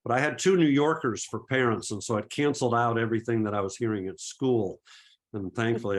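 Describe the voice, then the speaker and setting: During a webinar Q&A, a middle-aged photography presenter from Massachusetts, with no regional accent, answers audience questions in an easygoing, chatty manner. His medium-pitched voice moves fairly quickly, and he often stops to restart sentences and leans on fillers.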